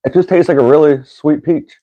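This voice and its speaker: A man's voice: on the high side, fairly even intonation, fairly quick, muffled recording. A man hosting a casual podcast, doing a food taste challenge, laughing often and swearing casually. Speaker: podcast host.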